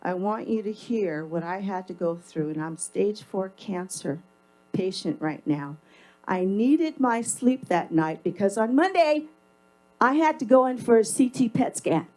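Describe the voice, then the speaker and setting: A woman's voice: medium pitch, lively intonation, measured pace, a little mellow, poor audio. A woman giving a public comment at a council meeting, speaking into a podium mic in an emphatic, confrontational and sarcastic way. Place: council chamber.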